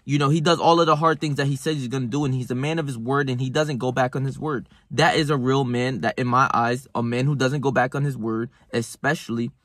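Young man, blunt, profane, motivational monologue, mid-pitched voice, dry close sound. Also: steady tone, brisk, few pauses, fairly bright tone, no room sound. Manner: blunt and profane, with lots of "right?" and restarts. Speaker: self-help vlogger. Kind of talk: casual motivational monologue to camera.

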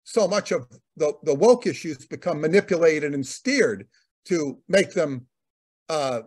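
A man's voice: fairly high pitch, expressive, measured pace, a little mellow. A man co-hosting a talk, rambling in casual commentary, often repeating words and using fillers. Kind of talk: conversational commentary.

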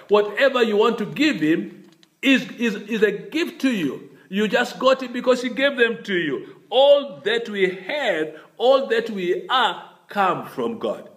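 An older man delivers a sermon in a high-pitched voice. He preaches emphatically, repeating lines and pleading with his listeners as a bishop at the pulpit. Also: a bit bright.

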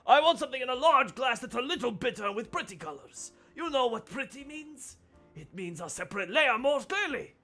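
A man putting on a bossy jealous bar customer, high raspy accented voice, swooping, haughty, music behind. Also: big pitch swings, pushed and bright, heavily acted. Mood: jealous, demanding. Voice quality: gravelly, breathy put-on accent. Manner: haughty, demanding, quick to flare up.

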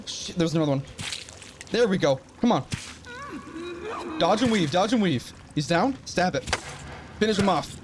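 Against a noisy background, a man gives let's play commentary while playing survival horror for his gaming channel. He sounds high-pitched and animated at a moderate pace, with long pauses. Often startled, he lets out frightened exclamations and mutters to himself.

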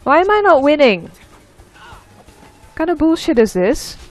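A woman with a fairly high, animated voice talks through a video game in an unhurried drawl. She is easily frustrated and curses and yells at the screen, then laughs at herself. Faint game music plays underneath. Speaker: let's play gamer. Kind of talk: casual gameplay commentary.

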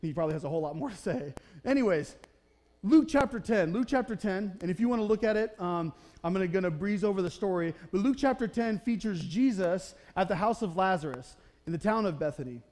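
A man's voice: high-pitched, animated, fast, few pauses, a little mellow. A man preaching a conversational sermon in a church. He keeps checking in with the congregation and briefly acts out the voices of the people in the story. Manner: conversational preaching, often checking in with "okay? right?"; acts out the Bible characters' voices in short quotes. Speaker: pastor. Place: church sanctuary.

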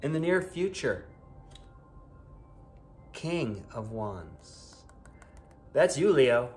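A man's voice: on the high side, slow pace, pauses often, a bit bright, faint music behind. A man from Buffalo, New York, giving a casual, chatty tarot reading with playful exclamations. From Buffalo, New York, United States. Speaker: tarot reader.

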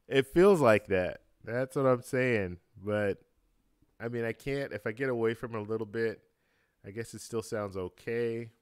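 Relaxed and quick to laugh, a man chats on his travel live stream from home, answering comments through many fillers and restarts. His medium-pitched voice is smooth and dry, picked up on a close microphone, with a computer fan in the room.

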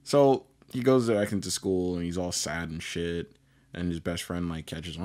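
A man's voice: deep voice, normal speed, darkish tone. A man casually recapping an anime on a podcast, rambling with lots of "like" and acting out the characters' lines. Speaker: podcast co-host.

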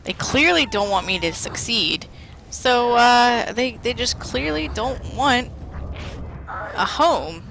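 A woman giving casual commentary while playing a video game, exasperated and self-deprecating, often shouting at the enemies on screen. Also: on the high side, animated, takes it slowly, vocal fry, slight background noise. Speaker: let's play commentator.

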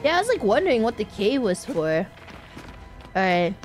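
A woman streamer talking casually over gameplay, often laughing and yelling at the game. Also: mid-range voice, big pitch swings, moderate pace, soft background music.

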